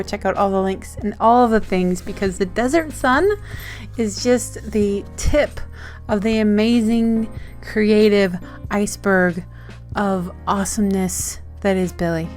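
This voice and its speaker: A woman's voice: medium pitch, a little slow, darkish tone, soft background music. An Australian woman opening fan mail on her vlog in a bubbly, gushing, giggly and rambling way. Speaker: zine-maker vlogger.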